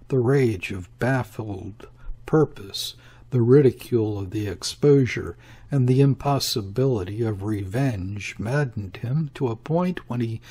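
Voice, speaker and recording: A man narrates a classic novel in a husky voice at a slow, deliberate pace. His pitch sits in the middle range and his reading stays even and measured throughout. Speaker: audiobook reader. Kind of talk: scripted literary narration.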